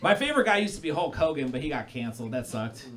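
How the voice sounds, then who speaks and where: A man doing a live stand-up set, deadpan with sudden loud bursts, telling dark jokes. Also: medium pitch, fast talker, very noisy. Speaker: stand-up comedian. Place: small hall before a live audience. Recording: live room with loud crowd laughter. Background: crowd laughter.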